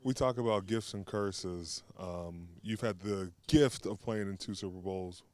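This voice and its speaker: A man hosting a casual podcast interview, asking relaxed questions and dropping short remarks. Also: low-pitched, unhurried, no room sound. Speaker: podcast host.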